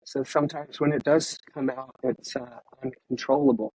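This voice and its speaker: Husky-voiced emotional man, halting speech. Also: medium pitch, fairly even intonation, a little mellow, rough recording. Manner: emotional, halting, many pauses and restarts. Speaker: retired firefighter guest. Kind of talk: candid personal interview.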